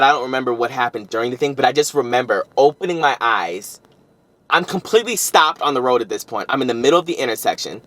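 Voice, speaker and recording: A young man telling a story on his vlog, rambling and animated, with frequent restarts and self-corrections. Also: mid-range voice. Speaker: vlogger.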